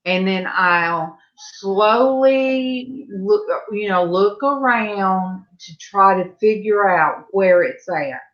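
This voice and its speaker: Slow rambling woman on video call. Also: medium pitch, a bit bright. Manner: rambling, meandering. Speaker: panel guest. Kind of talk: casual chat. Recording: dull lo-fi webcam audio.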